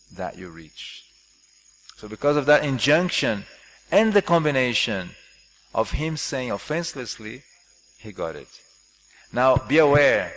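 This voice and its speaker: Lively man lecturing in an echoey hall. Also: medium pitch. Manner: lively, jokey questioning of audience. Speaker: class speaker. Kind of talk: scripture class lecture. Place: temple hall. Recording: echoey hall with faint noise.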